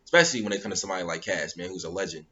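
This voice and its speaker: Bright-voiced man ranting, lo-fi. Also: low voice, very fast, husky. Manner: heated and repetitive, often asking "you know what I'm saying". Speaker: battle rap commentator. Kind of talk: casual ranting commentary.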